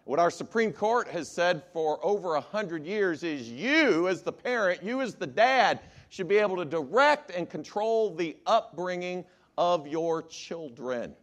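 A man's voice: high voice, measured pace. A man who preaches as an attorney, often polling his listeners with "how many believe" questions. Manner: animated, asks the crowd show-of-hands questions. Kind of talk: sermon to a congregation.

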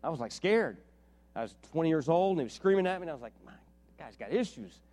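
Middle-aged guy preaching, story after story, gets loud and worked up at the big moments. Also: fairly high pitch, fast talker. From West Virginia. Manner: storytelling, rising to animated shouting. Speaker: pastor. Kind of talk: sermon.

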